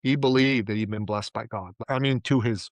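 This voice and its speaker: A man's voice: mid-range voice, moderate pace, no room sound. A man from Iran, a podcast guest and entrepreneur, telling stories in casual interview talk. He acts out the people he quotes and often says "like" and "right?".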